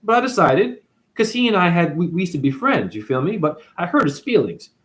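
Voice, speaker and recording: A man telling a story in a casual, ranting monologue, with big swings in pitch as he goes. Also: very animated, brisk, fairly bright tone. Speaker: spiritual vlogger.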